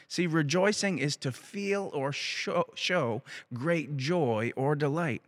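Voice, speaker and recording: A man's voice: a little high, slow pace, hardly any pauses. A man preaching a sermon as pastor, emphatic and repeating phrases for weight. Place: church.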